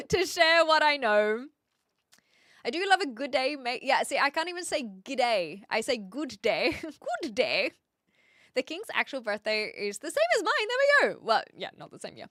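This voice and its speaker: Bright-voiced New Zealand woman streamer. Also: mid-range voice, dry recording, studio quality. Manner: chatty, explanatory, with frequent fillers and laughs. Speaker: livestream host. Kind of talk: casual chat reading out viewer comments.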